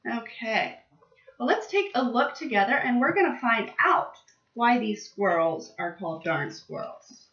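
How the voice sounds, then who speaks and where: A young woman teaching vocabulary to small children, speaking slowly and with exaggerated emphasis. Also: on the high side, expressive, fairly bright tone. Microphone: laptop webcam. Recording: distant, roomy, dull webcam audio.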